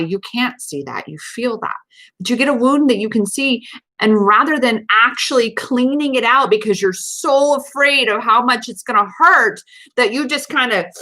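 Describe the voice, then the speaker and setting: A woman with a bright, clear voice talks to her viewers on a live stream. She speaks as a self-empowerment coach, earnest and emphatic, often stopping on fillers and repeating herself. Her pitch sits in the middle for a woman. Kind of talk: casual live-stream talk.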